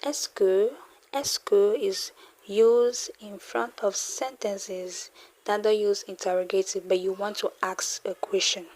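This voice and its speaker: A young woman teaching beginner French online, slowly repeating example phrases and explaining with casual fillers. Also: medium pitch, fairly even intonation, a little mellow. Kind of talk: casual online language lesson.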